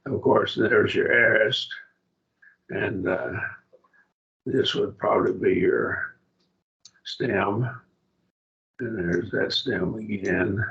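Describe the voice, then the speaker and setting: A man teaching a Greek grammar lesson in a church class, halting and restarting often as he explains. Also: on the low side, steady tone, vocal fry, a bit bright, dull audio. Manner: halting, with many fillers and restarts.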